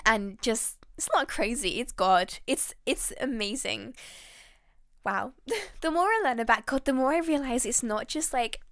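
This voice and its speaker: A woman hosting a faith podcast, talking in an excitable, heartfelt and rambling way. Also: fairly high pitch, unhurried, no echo, clean studio sound. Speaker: podcast host.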